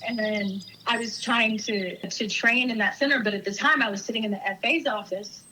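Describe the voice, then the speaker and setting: Brief: woman co-host, casual storyteller, slightly high pitch, clear background noise. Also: fairly quick. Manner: animated storyteller. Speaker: podcast co-host. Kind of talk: casual chat. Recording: noisy recording.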